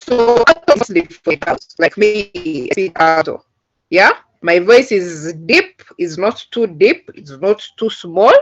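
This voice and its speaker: Slow patient woman teaching. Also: mid-range voice, sing-song, soft background music. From Uganda. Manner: patient, explains step by step with many fillers. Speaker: coding teacher. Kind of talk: online class instruction. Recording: dull lo-fi call audio.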